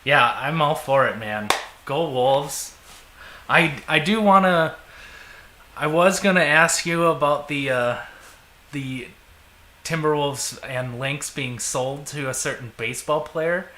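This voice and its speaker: A man's voice: a little high, takes it slowly, bright, forceful tone. A man with a Minnesotan accent co-hosting a fan podcast, easygoing and agreeable in casual chat. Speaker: podcast co-host. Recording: echoey room with faint noise.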